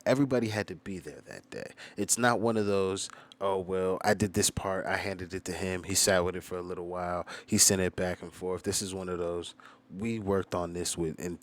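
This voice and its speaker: A man's voice: low-pitched, steady tone, normal speed. An American man reacting to a music video in casual commentary, loose and profane, stopping and restarting his thoughts with lots of "like.". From United States. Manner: loose and profane, heavy use of "like".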